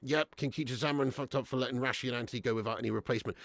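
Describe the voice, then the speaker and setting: A man hosting a football watch-along stream, reading out chat comments in a blunt, sweary manner and breaking into loud rants. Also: mid-range voice, steady tone, rapid-fire, vocal fry, no room sound. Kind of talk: casual live-stream chat.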